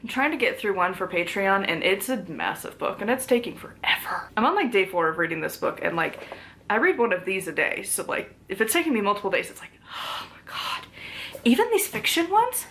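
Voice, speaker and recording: A woman's voice: mid-range voice, very animated, fast talker, fairly bright tone, slight background noise. A woman chatting casually through a book haul, full of "like" fillers and small laughs. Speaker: book reviewer.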